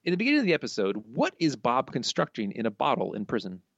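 A man co-hosting a casual podcast, relaxed and hedging in his answers. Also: medium pitch, quick pace, gravelly, no room sound, lo-fi sound. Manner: relaxed, hedging, easy laughs. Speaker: podcast co-host.

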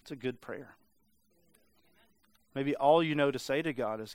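A man's voice: mid-range voice, unhurried, long pauses, no room sound. A man preaching a casual, conversational sermon, full of "like" and playful mimicry of voices. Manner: conversational, lots of filler "like", mimics voices for humor. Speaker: pastor.

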